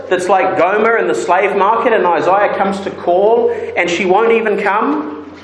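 A man preaching an expository sermon who rises into loud, high pleading when he quotes God. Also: measured pace. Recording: echoey room with faint ambience.

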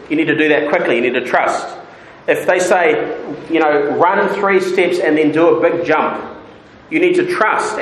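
A man's voice: mid-range voice, roomy sound, slight background noise, poor audio. A male preacher giving a sermon, explaining a point plainly and then building to rising, insistent rhetorical questions.

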